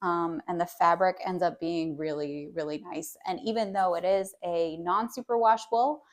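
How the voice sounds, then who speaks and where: A woman knitwear designer chatting casually about her new pattern, relaxed and a little hesitant. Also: on the low side, normal speed. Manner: chatty, hesitant with many ums. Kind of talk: casual vlog chat.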